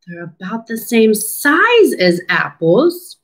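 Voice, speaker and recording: Slow, animated woman reading to children. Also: a little high, rough recording. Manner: slow, animated, questioning children and pausing for answers. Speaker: speech therapist reading a storybook. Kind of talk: read-aloud storytime lesson for children.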